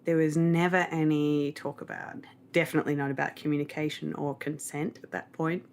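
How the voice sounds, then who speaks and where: A woman's voice: low voice, flat delivery, brisk, a little hiss or hum. A woman with an Australian accent, talking candidly and playfully as a podcast guest while lying in bed. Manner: candid and playful, laughs easily. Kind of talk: casual interview chat.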